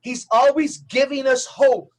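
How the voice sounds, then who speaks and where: A man speaks as a guest in a podcast interview, with a remarkably high voice for a man. He delivers his points like a preacher, emphatic and rapid-fire, stacking one phrase on the next. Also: steady tone. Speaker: Catholic evangelist guest.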